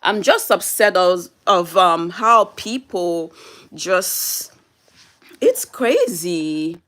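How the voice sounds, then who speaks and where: A woman's voice: on the low side, sing-song, extremely slow, fairly bright tone. A woman on a live stream, upset and teary, pleading with and scolding her viewers while reading the chat.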